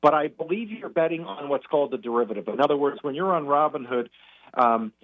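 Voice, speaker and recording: A man calling in to a radio show as a guest financial commentator, explaining in a measured way with frequent restarts. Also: fairly high pitch, animated. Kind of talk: phone-in radio chat. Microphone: telephone call. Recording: tinny phone line.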